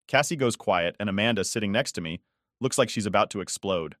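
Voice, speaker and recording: Male narrator, lowish voice, conversational and exasperated, scripted story read. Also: a little fast, fairly bright tone, no echo, clean studio sound.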